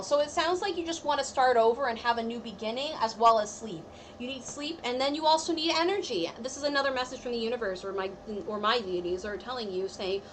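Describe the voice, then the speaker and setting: A woman's voice: sits high, expressive, moderate pace, a bit bright, slight background noise, low-quality recording. A woman giving a live-streamed tarot reading in a chatty, reassuring way, full of "like" and "I feel like". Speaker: tarot reader.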